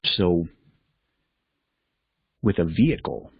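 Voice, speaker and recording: Guy with a deep husky voice, chatty self-help reflection, sounds kinda muffled. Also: very animated, takes it slowly, no room sound. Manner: candid, conversational, thinks aloud with restarts. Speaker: podcast host and life coach.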